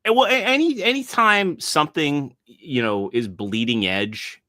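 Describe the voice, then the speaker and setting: A man's voice: fairly high pitch, lively intonation, a little slow, pushed and bright, no room sound, clean studio sound. A man in his thirties co-hosting a podcast, chatting casually with lots of asides while watching a documentary. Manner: chatty, full of asides and restarts. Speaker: podcast co-host.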